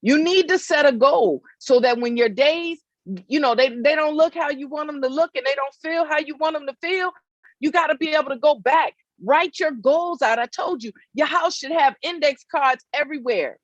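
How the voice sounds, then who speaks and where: A woman's voice: high-pitched, normal speed, no echo. Woman, motivational speaker, emphatic, repetitive, lo-fi dry sound. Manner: emphatic, repetitive, checks in with listeners. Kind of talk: faith-based motivational talk. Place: outdoors in hot weather.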